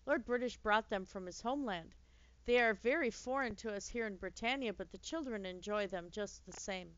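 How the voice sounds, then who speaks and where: Woman doing a sweet old nanny, chatty w a bit of bitterness, smooth voice, dull dry recording. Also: mid-range voice, normal speed, close to an everyday voice. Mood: gentle. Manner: gently chatty, archaic speech, mildly bitter. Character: sweet elderly working-class female royal nanny.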